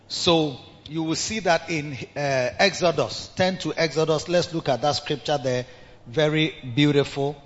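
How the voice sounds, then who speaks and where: A man with a Ghanaian accent preaching a sermon as pastor, emphatic and calling out to the congregation in a large cathedral. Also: high-pitched. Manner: emphatic, call-and-response preaching. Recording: reverberant hall, dull lo-fi sound.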